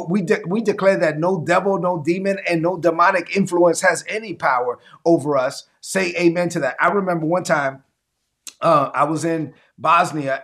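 A man with a high, gravelly, slightly bright voice preaches a sermon livestreamed to an online audience. He's emphatic and repetitive, calling for responses as he teaches.

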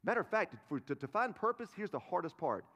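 Animated pastor preaching in a reverberant hall. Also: male voice, high-pitched, fast talker. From North Carolina, US. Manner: animated, swings from loud bursts to quiet asides. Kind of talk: sermon. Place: church auditorium. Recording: long reverb of a church hall.

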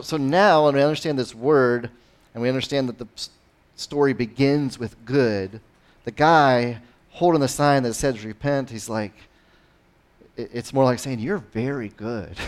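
A pastor delivers a sermon in a conversational manner at a moderate pace, his volume and pitch rising and falling as he keeps tossing in "right?" asides. The recording is clean.

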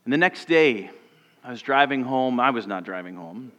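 A man who is a pastor, giving a sermon and telling a personal story, moving between loud passages and hushed ones. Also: medium pitch, animated, moderate pace. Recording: long church reverb.

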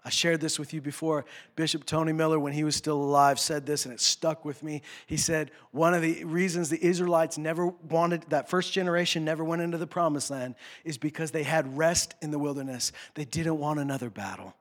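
Guy preaching a sermon, high voice, goes from quiet to shouting, mocks whiny excuses in a low voice. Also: fairly even intonation, brisk, few pauses. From North America. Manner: impassioned, swings from hushed to shouting; acts out quoted complaints in a low mocking voice. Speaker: pastor.

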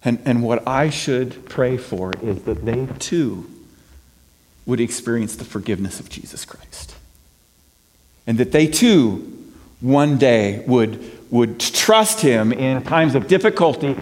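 A middle-aged man preaching a conversational sermon as pastor. He moves between soft, quiet passages and emphatic ones, and often repeats words as he restarts. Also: medium pitch, expressive, slow. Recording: long reverb of a large hall.

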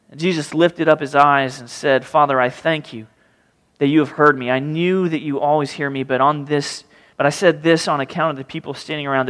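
A man's voice: on the high side, in a large hall. A man preaching a sermon, reading scripture and acting out the pleading voices of the people in it. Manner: animated, acts out pleading voices. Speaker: pastor.

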